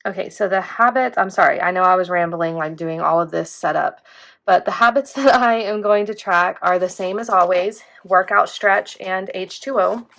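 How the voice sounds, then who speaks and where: A woman's voice: lowish voice, normal speed, gravelly, fairly bright tone. A young woman, chatting casually and rambling as she plans in her vlog. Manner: chatty, rambling, says "like" often. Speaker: planner vlogger. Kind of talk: casual chat while planning.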